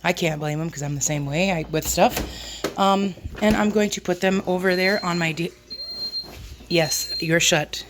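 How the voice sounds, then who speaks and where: A chatty woman talks through her kitchen chores for a casual vlog, pitched a bit low for a woman, with a slightly squeaky edge. She pokes fun at herself as she works. Faint background noise sits under her voice. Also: fairly even intonation, normal speed. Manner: chatty, self-deprecating, talks while working. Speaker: homestead vlogger. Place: home kitchen.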